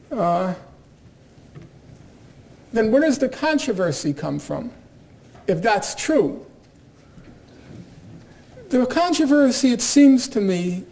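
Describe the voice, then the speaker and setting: Guy with a high voice lecturing at a university, slow and deliberate, dry sarcastic edge. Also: darkish tone. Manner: measured, deliberate, dryly sardonic. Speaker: guest lecturer.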